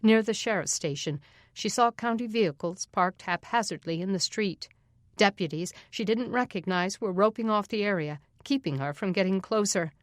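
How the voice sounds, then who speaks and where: Female audiobook narrator, mid-pitched, dry studio read, acts out dialogue. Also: moderate pace, no echo. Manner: voices the characters with raised pitch in dialogue.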